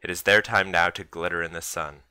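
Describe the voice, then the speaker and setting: A man's voice: sits low, fairly even intonation, a little fast, bright, forceful tone, clear, resonant tone, dry recording. A man doing a teasing father, mock-solemn. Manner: mock-grandiose, poetic.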